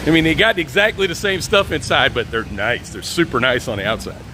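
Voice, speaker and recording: A man's voice: mid-range voice, fairly quick. Easygoing male streamer, talks to chat while walking outside, laughs a lot, light street noise. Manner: relaxed, chatty, laughs often, reads chat aloud. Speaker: live-stream host. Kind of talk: casual walk-and-talk live stream. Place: outdoors on city streets, walking.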